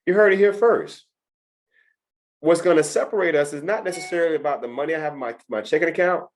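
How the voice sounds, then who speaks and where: A man's voice: a little high, fast. Emphatic man teaching test prep. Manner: emphatic, repeats key points. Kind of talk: lecture to students.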